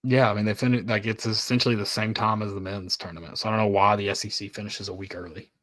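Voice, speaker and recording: A man's voice: on the low side, flat delivery, quick pace, a bit bright, no echo, clean studio sound. A young man co-hosting a casual sports podcast, easygoing and asking questions. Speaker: podcast co-host.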